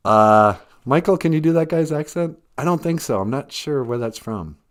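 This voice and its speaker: A man's voice: a little high, lively intonation, moderate pace. Chuckling male live stream host. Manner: chuckles often, reflective, thinks aloud. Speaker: live stream host reading viewer comments. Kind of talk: casual live stream chat.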